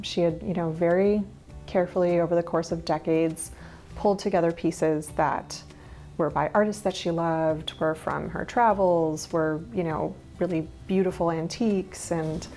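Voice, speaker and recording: A woman's voice: on the low side, dark tone. A woman in her thirties talking through her minimalist habits in a casual vlog, chatty and candid with small laughs and asides. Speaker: minimalist lifestyle vlogger.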